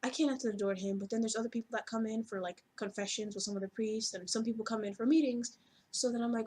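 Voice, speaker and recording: A woman's voice: fairly high pitch, steady tone, quick pace, darkish tone, husky. A woman telling a personal story to camera in a casual, rambling way, full of "like" fillers and offhand swearing.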